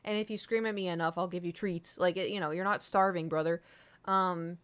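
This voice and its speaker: A woman's voice: fairly low pitch, steady tone, fairly quick, a bit bright, clear, resonant tone. A woman streamer chatting casually to her viewers, telling a long rambling story full of fillers and blunt swearing. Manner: rambling, filler-heavy, candid and profane.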